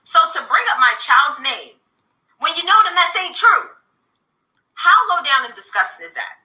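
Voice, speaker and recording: A woman's voice: high-pitched, big pitch swings, bright, forceful tone. A woman in her thirties from reality TV, telling her side of a story in a candid interview, emphatic and indignant. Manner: emphatic, indignant, fast-talking. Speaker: reality TV cast member. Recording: roomy echo.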